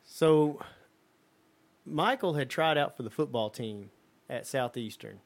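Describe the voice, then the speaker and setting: A man's voice: medium pitch, lively intonation, slow, gravelly. A man co-hosting a podcast, telling rambling stories in casual chat with lots of fillers and acted-out voices. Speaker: podcast co-host.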